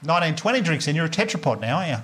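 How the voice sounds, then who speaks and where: Australian male stand-up, thirties, rapid animated delivery, faint live ambience. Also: a little high, noisy background. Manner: animated storytelling, acts out characters with swearing. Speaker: stand-up comedian. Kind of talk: stand-up comedy set. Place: live comedy venue.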